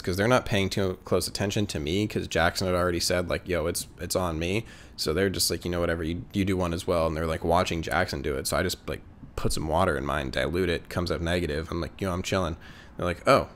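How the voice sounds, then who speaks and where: Young man, very low voice, casual rambling storytelling, profane, faint background hum. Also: fairly bright tone. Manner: rambling, filler-heavy, profane. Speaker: vlogger.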